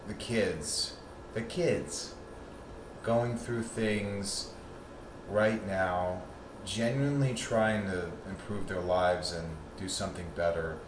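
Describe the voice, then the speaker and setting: A man's voice: lowish voice, roomy sound, far from the mic, a little hiss or hum, poor audio. A man hosting his own vlog, ranting in a rambling, swearing, fired-up monologue. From South Florida. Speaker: vlog host.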